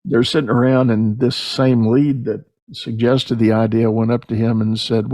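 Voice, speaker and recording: Mellow-voiced man hosting a podcast. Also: mid-range voice, moderate pace, few pauses, no room sound. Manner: storytelling with animated quoted voices. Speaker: podcast host. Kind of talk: conversational interview.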